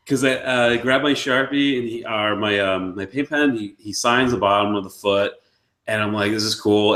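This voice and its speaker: A man's voice: fairly low pitch, a bit bright, echoey room. A man co-hosting a live show, telling a long story in a casual, rambling way and laughing often. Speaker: podcast co-host.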